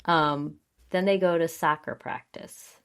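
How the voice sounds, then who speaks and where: A chatty young woman with a low, gravelly voice co-hosts a casual podcast. She recaps scenes and slips into quoting characters as she goes. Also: unhurried. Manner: quotes characters in lively voices, chatty, laughs often. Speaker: podcast co-host.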